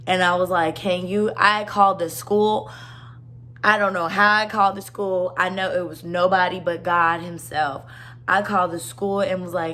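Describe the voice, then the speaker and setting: A woman's voice: lowish voice, steady tone, moderate pace, bright, forceful tone, slight background noise. A young woman at home, telling a personal story in a rambling, earnest way full of "like". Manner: rambling, earnest, heavy use of "like". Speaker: vlogger. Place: her own home.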